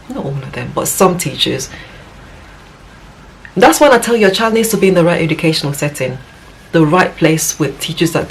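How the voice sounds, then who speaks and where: A woman's voice: fairly low pitch, slight background noise, rough recording. A woman with a West African accent talking casually to camera as a parent vlogger, rambling and earnest, with many fillers and restarts.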